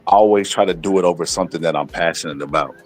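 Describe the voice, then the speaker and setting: A man's voice: low voice, rapid-fire, soft background music. A man speaking as a guest on a casual livestream chat, earnestly telling stories and giving advice. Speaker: guest commentator.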